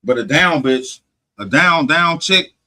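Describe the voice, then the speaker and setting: A man hosting a podcast, retelling a story in casual profane talk, animated, swearing heavily and restarting often. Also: on the high side, takes it slowly, low-quality recording. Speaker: podcast host.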